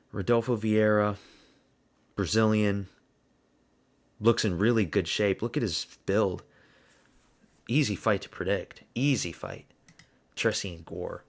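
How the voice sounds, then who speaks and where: Man, low-pitched, gravelly, blunt, rambling, casual commentary. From United States. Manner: blunt, rambling, thinking aloud. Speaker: host. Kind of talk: casual fight predictions commentary.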